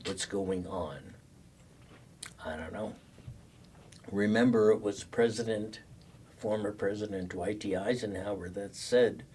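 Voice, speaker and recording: A man's voice: fairly low pitch, unhurried, pauses often, a little mellow, distant mic, slight background noise. An older man giving a conversational classroom lecture as a social work professor, full of fillers and restarts.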